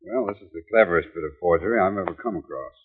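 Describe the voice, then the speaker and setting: 1940s radio drama: a plain-spoken police sergeant, low husky voice through phone-thin broadcast. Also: male voice, quick pace. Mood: businesslike. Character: matter-of-fact male police sergeant. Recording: tinny old radio broadcast.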